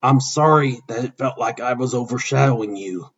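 A man voicing an aging father wrestler, speaking softly and solemnly in a husky voice, on a dull lo-fi recording. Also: medium pitch, moderate pace.

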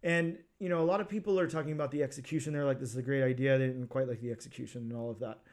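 A man's voice: medium pitch, steady tone, racing, a little mellow. Rambling man co-hosting a comics podcast. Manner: rambling, many restarts. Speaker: podcast co-host. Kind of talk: casual podcast chat.

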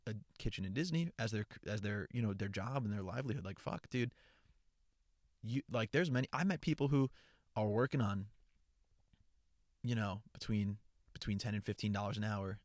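A young man hosting his own podcast from inside a car, chatting casually in an energetic, profane, rambling way with lots of restarts. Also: fairly low pitch, dry recording, clean studio sound. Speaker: podcast host and content creator. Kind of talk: casual solo podcast chat. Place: parked car.

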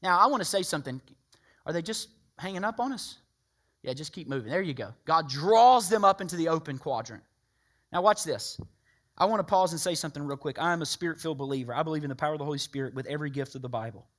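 A man preaching a sermon, emphatic and animated, acting out people's voices. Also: a little high, fast talker.

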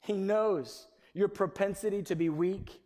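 A male pastor preaching a sermon in a church, animated, swinging between loud emphasis and near-whispers. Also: high-pitched, measured pace. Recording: long reverb of a large hall.

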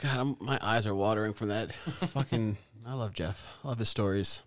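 A man's voice: lowish voice, moderate pace, no echo. A man co-hosting a podcast in casual chat, laughing often and swearing freely. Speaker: podcast co-host.

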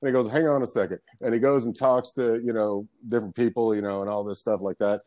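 A man's voice: on the low side, steady tone, quick pace, a little mellow, no echo, studio quality. A man telling casual stories as a podcast guest, rambling and swearing, laughing often. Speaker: guest, comedian and background actor. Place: lives in Florida.

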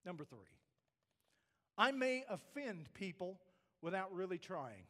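A man's voice: high voice, very animated, unhurried, sharp tone. A man preaching a sermon, emphatic, asking the congregation rhetorical questions. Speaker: pastor.

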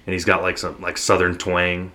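A young man, a guest on a podcast, telling relaxed anecdotes and chuckling. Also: sits low, normal speed. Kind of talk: casual podcast chat.

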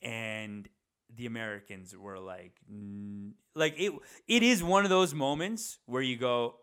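A man's voice: mid-range voice, a little slow, a bit bright, clear, resonant tone. A young man talking to the camera in a rambling, casual monologue, swearing and chatting with many fillers and restarts. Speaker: vlogger. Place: indoors at his parents' house.

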